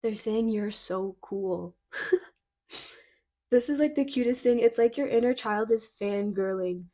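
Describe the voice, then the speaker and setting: A woman's voice: a little high, measured pace. Giggly, gushing young woman reading cards. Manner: excitable and giggly, lots of "like" fillers; gushing, slightly flustered. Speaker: tarot card reader. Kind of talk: casual intuitive card reading.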